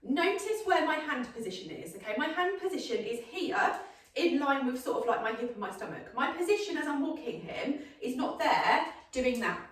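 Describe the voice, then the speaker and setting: High-voiced woman in echoey space. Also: sing-song, normal speed. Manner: upbeat, says "okay?" often. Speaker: dog trainer. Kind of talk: instructional demonstration. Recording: echoey, mic far off.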